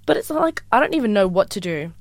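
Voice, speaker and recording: A young woman co-hosting a podcast in casual chat, her voice congested from being sick. She tells stories with lively, animated energy. The sound is dry and close-miked. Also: mid-range voice, fast, no echo. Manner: chatty, animated storytelling. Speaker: podcast co-host.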